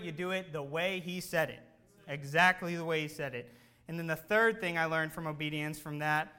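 A man's voice: a little high, pushed and bright. A man preaching a conversational sermon, telling a story and then pressing his listeners with urgent exhortation.

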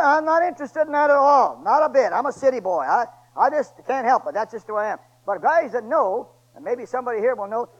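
High-voiced preacher, booming then hushed. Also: male voice, dull audio. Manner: dramatic, swings between booming and hushed; folksy, colloquial storytelling. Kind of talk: sermon.

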